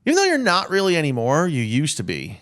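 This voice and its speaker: A man's voice: on the high side, huge pitch swings, fast, a bit bright, no echo. A man co-hosting a podcast, joking and teasing his friend in casual banter. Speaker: podcast co-host. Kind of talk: casual chat.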